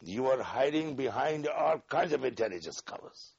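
An older man recalling events in an oral history interview, acting out the dialogue with animated energy. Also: medium pitch, moderate pace, gravelly, slightly rough, no echo, dull audio. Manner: animated storyteller, acts out dialogue, laughs often.

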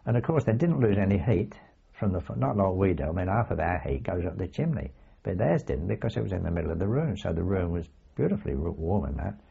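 An older man recalling his wartime days in a rambling oral history, full of asides and halting restarts. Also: sits low, big pitch swings, vocal fry, warm tone, breathy edge. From England. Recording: dull lo-fi recording.

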